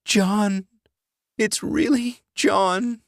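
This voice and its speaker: A man voicing a terrified young woman in a high, strained, pleading voice. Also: drawn-out words, vocal fry, no room sound, studio quality, full character voice.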